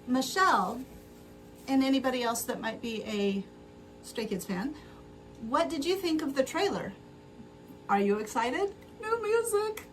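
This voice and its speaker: A chatty woman hosts a relaxed sewing livestream, talking slowly in a fairly high voice. She sits a little away from the mic, and a faint room hum runs under her rambling talk with viewers. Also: distant mic. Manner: chatty, reads out and answers viewer comments; rambling, loses her thread. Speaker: livestream host. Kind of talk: casual livestream chat while sewing.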